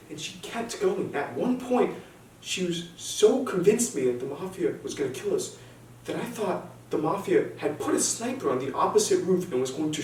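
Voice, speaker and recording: Young male comic in an echoey room. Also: on the high side. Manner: animated storytelling, nervous repetitions and restarts. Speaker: stand-up comedian. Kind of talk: stand-up storytelling. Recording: echoey room, distant mic, faint noise.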